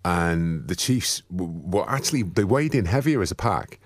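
A man with a Sunderland accent co-hosting a casual rugby chat, animated and jokey as he tells stories. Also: sits low, normal speed, no room sound, studio quality. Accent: Sunderland English. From England. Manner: animated storyteller, jokey banter. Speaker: podcast co-host.

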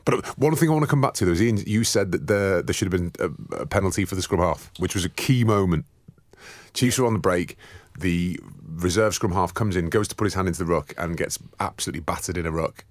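A man with a Sunderland accent co-hosting a casual rugby chat, animated and jokey as he tells stories. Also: low voice, quick pace, dry recording. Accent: Sunderland English. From England. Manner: animated storyteller, jokey banter. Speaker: podcast co-host.

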